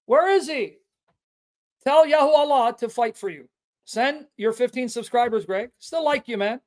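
Man taunting a rival on a livestream. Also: very high voice. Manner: taunting, repeatedly calling out an opponent; emphatic, with drawn-out stressed phrases. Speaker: Christian apologetics livestream host. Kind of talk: combative livestream preaching.

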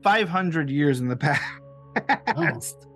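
A man running a tabletop game as game master, relaxed and laughing often. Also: fairly high pitch, takes it slowly, soft background music.

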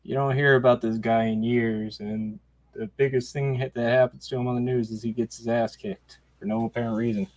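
A man from Michigan chats casually as a podcast co-host, relaxed and agreeable. His voice has an average pitch. The recording is dry and close. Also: a little fast, no room sound. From Michigan, United States. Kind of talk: casual profane chat.

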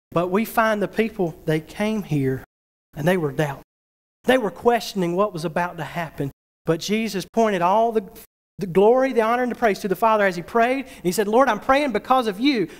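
A man pastor preaching a revival sermon in a church, reading scripture aloud and then pressing the congregation with questions. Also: sits high.

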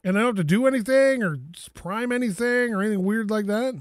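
A man giving casual gameplay commentary at home, excitable, laughing, swearing and talking to objects in the game. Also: high-pitched, quick pace, no echo, studio quality. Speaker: gaming YouTuber.

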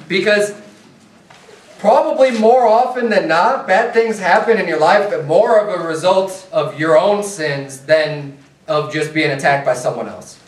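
A man with a high voice preaches a sermon, talking conversationally and often restarting his sentences. He is recorded from a distance in an echoey church, with a faint hiss underneath. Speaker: pastor. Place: church sanctuary.

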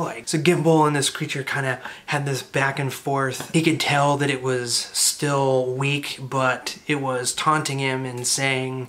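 Man narrating a game recap, rambling and chatty, fairly flat delivery. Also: mid-range voice, a little slow, few pauses. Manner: loose and rambling, with many filler "like"s. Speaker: storyteller recapping a tabletop campaign. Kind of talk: casual story recap.

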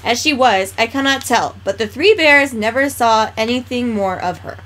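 Chatty woman with a fairly high voice. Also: animated, fairly bright tone, slight background noise. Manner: chatty, reads aloud haltingly and stumbles on words. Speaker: game co-host. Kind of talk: casual chat.

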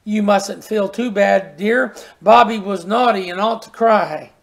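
A preacher reading a storybook, voicing a gentle mother who calls to her daughter. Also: mid-range voice, a little slow, vocal fry.

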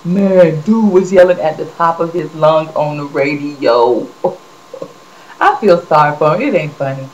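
A woman vlogger chatting casually about celebrity gossip, an animated and expressive storyteller. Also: low-pitched, a little slow. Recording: dull lo-fi recording with faint hiss.

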